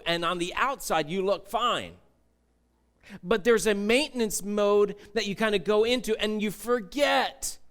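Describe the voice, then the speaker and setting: In a church, a male pastor with a high, slightly bright voice preaches a conversational sermon, repeating key phrases and posing questions to the congregation.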